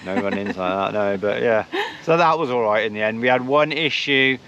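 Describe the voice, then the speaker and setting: A man's voice: on the low side, a little fast, dull audio, a crowd in the background. A man chatting casually as a travel vlogger in a camper van, easygoing and wry. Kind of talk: casual chat.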